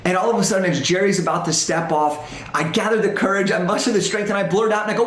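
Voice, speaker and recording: High-voiced young man telling a story. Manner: animated storyteller, dramatic pauses. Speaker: motivational speaker. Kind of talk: storytelling talk for a virtual school assembly. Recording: roomy echo.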